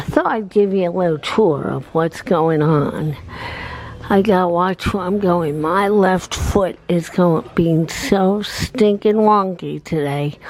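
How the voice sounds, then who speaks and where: A woman's voice: on the low side, darkish tone, low-quality recording. A woman chatting casually as she walks through a record shop, recording a vlog on a handheld phone, rambling and laughing easily. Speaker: vlogger and DJ. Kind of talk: casual walking-tour vlog. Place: record shop, indoors, walking around.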